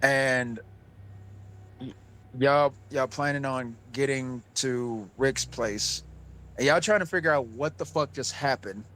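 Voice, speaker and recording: A man's voice: mid-range voice, slow, a bit bright, rough recording. A man narrating a tabletop game as game master, casual and often repeating himself.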